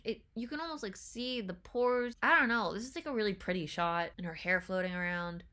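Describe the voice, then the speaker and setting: Bright, excitable woman reacting to a trailer. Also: medium pitch. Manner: excitable, rambling, swears a lot, many fillers. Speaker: reaction video host. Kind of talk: casual chat reacting to a trailer.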